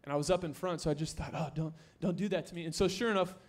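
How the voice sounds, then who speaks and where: Energetic young male pastor preaching. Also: fairly high pitch, rapid-fire. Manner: energetic, joking, rising to near-shouts for emphasis. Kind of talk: sermon. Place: church sanctuary.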